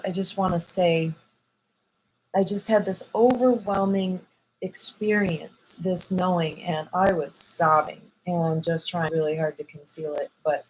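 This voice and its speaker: A woman's voice: sits low, darkish tone, a little hiss or hum, low-quality recording. A woman vlogger telling an emotional personal story to camera, acting out the voices of people she quotes.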